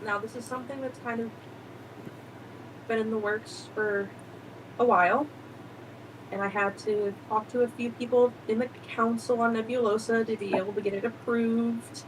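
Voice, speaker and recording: A woman's voice: fairly high pitch, fairly even intonation, moderate pace, noisy background, natural voice. A woman playing a proud winged being. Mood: proud, grand.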